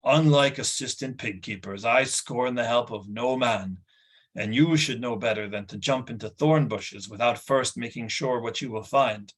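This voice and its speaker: A man voicing Gwydion, a stern and noble war leader who speaks in a measured, formal way, in an audiobook. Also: medium pitch, close to an everyday voice. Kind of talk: audiobook character voice.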